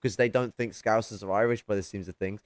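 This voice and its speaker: Low-voiced sweary man chatting. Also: steady tone, dry recording. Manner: sweary, halting, with restarts. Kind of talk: casual late-night chat.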